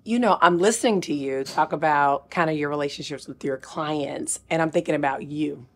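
A woman's voice: sits low, normal speed. A woman hosting an interview, asking thoughtful, reflective questions of her guest. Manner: attentive, asks reflective questions. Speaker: podcast host, interviewer. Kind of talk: casual interview.

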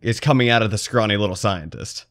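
A man co-hosting a podcast, reacting excitedly and swearing in casual banter about a film. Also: fairly low pitch, fast talker, no echo, studio quality. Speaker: podcast co-host. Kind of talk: casual chat.

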